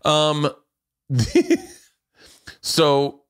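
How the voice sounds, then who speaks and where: A man in his forties hosts a podcast, rambling through profane stories and laughing at his own jokes in casual storytelling chat. His voice sits on the low side and moves a little fast. The recording is studio quality with no echo.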